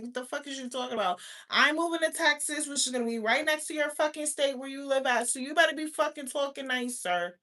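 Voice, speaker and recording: A woman vlogger with a high, slightly bright voice rants bluntly to her viewers on camera. Her casual tirade is full of cursing and scolding.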